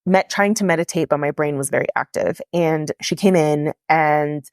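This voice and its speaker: A woman's voice: low voice, normal speed, darkish tone, dry recording, clean studio sound. A woman podcast host telling a personal story in a candid, confessional way, with lots of "like" in her speech. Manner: candid, confessional, heavy use of "like".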